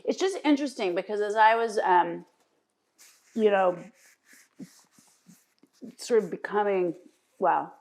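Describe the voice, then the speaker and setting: A middle-aged woman, the guest, chatting casually over a meal and telling lively stories, often jumping in. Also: medium pitch, takes it slowly, pauses often. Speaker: interview guest.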